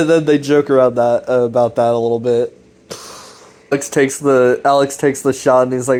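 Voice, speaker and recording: A man's voice: mid-range voice, flat delivery, normal speed, darkish tone. Guy rambling through a web series recap, swears a lot, keeps restarting sentences. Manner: rambling, many fillers and restarts, casual swearing.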